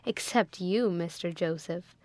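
A woman's voice: on the low side, a little slow, no room sound, lightly acted. A woman voicing a sweet, artful young woman who speaks in a coaxing, humble way in a storybook reading. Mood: sweetly coaxing.

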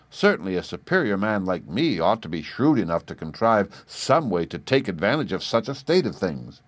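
A man narrating an audiobook in the first person, wry and expressive, and animated when he voices his own character's lines. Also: deep voice, dry recording.

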